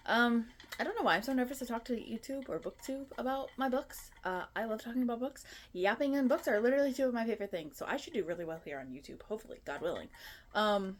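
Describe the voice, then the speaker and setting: A woman's voice: fairly high pitch, fast talker, slight background noise. A woman in her twenties chatting casually to her phone camera at home, rambling and a little nervous. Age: 20s. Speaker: booktuber. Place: her apartment.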